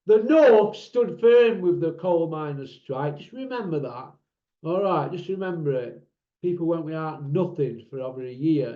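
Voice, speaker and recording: Northern English man, channel host ranting to camera, blunt and mocking, high voice, roomy lo-fi recording. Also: a little mellow. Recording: roomy, dull lo-fi sound.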